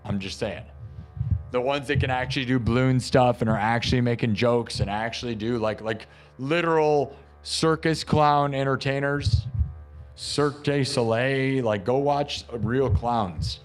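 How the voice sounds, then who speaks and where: Male stream host, low register, unhurried and rambling, casual chat over faint music. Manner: rambling, talks to chat, lots of "like" and "dude".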